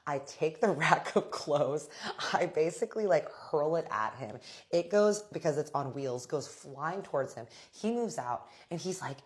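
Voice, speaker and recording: A woman's voice: a bass voice, expressive, brisk, darkish tone. A woman hosting a storytime vlog, telling a dramatic personal story with vivid, profane language and calling her viewers y'all.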